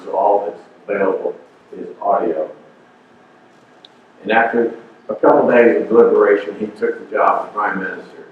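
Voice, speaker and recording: An older man drives home his points in a low, insistent voice, repeating himself like a preacher. He stands some distance from the mic in a community center hall. The sound is dull, and the room is very echoey. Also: slight background noise. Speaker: guest speaker. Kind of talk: motivational talk.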